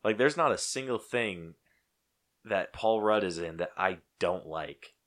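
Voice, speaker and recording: A man's voice: fairly low pitch, animated, a little slow, a bit bright. A man co-hosting a podcast, chatting casually about movies, laughing often and swearing lightly. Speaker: podcast co-host. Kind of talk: casual chat.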